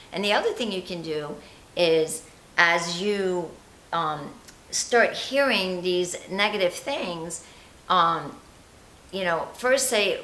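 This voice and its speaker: A woman's voice: lowish voice, lively intonation, unhurried, a bit bright, roomy sound, a little hiss or hum, rough recording. A woman coaching on confidence, talking chattily and animatedly straight to the viewer. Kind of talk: motivational vlog talk.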